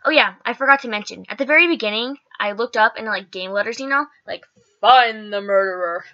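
A woman's voice: fairly high pitch, fast, pushed and bright, lo-fi sound. A woman vlogger telling a story in casual, chatty talk, full of "like" and "okay" and some swearing.

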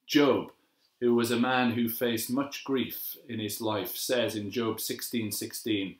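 A man giving a gentle, measured devotional sermon as a pastor, slowing down to repeat key phrases. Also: mid-range voice, fairly even intonation. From England. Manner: gentle, measured and reflective, with slow emphatic repetitions. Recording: echoey room.

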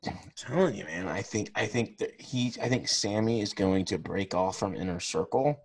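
Low husky guy rambling on a podcast, lots of ums and restarts. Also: normal speed, darkish tone. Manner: rambling, full of fillers and restarts. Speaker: podcast co-host. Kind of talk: casual chat.

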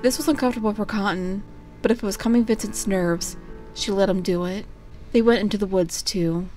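A woman at a middle pitch reads a storybook aloud in a steady, unhurried way. She sounds plain and even, with faint music playing underneath. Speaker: narrator. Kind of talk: fan fiction reading.

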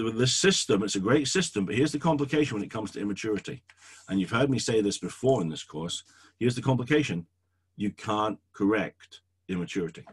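A middle-aged man preaching in a low, husky voice that swings widely in pitch. He teaches church leaders in an emphatic, repetitive way, hammering each point home. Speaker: pastor. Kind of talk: teaching sermon.

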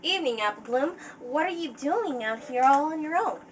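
A woman voicing a kind, sensible young female unicorn, gentle and cautious. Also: sits high, lively intonation, moderate pace, distant mic, slight background noise, low-quality recording.

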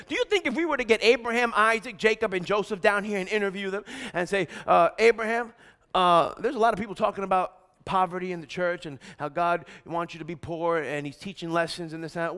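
High, bright-voiced energetic male preacher. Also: fast, smooth. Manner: energetic, exhorting, has congregation repeat declarations; shouts out emphatic lines. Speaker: pastor. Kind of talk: sermon.

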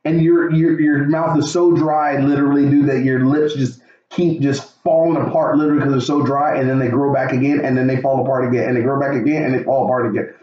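A man preaching a casual devotional, excitable and laughing often, calling his listeners dude. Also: medium pitch, fast talker, hardly any pauses. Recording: echoey, distant, dull room sound.

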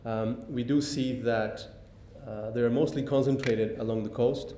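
Male lecturer, hesitant delivery, dark tone; echoey hall recording. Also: fairly even intonation. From Mexico. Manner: halting, many ums and restarts. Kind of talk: public lecture. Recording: echoey hall, faint rumble.

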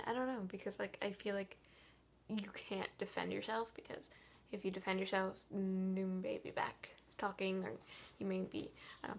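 Young woman vlogger, exhausted, hushed half-whisper, rambling frustrated venting. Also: medium pitch. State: tired. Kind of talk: casual vlog monologue.

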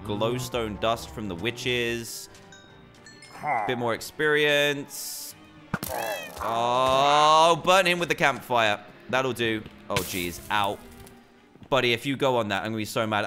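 A young British man giving excitable commentary while playing a game. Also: mid-range voice. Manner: excitable, animated reactions. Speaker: gaming YouTuber. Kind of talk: gameplay commentary.

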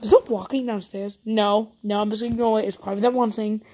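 A woman's voice: medium pitch, fairly even intonation, quick pace, darkish tone. A woman doing live gameplay commentary as a YouTuber, jumpy and talking to her viewers, often repeating panicked no's. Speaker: YouTuber playing a roleplay game.

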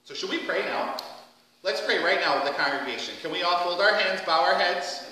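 A man leading a children's message in a church, gentle and playful, asking the kids lots of questions. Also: sits high, fairly quick, a little hiss or hum. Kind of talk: children's sermon. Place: church sanctuary. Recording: echoey church hall from far off.

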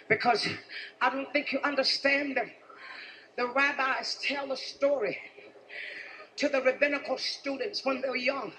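A woman preacher delivering a fervent revival sermon, calling out to the congregation and building to shouts. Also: high-pitched, a little hiss or hum. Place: large church at a revival service. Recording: echoey sanctuary with organ music.

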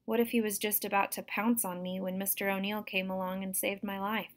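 A woman, a teacher, reading a novel aloud to students in a steady, expressive storytelling manner. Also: mid-range voice, brisk.

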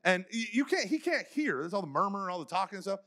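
A man's voice: high-pitched, sing-song, fast, sharp tone. A man giving a faith conference talk, telling stories casually with many "like" fillers and acting out the people he quotes. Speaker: conference speaker.

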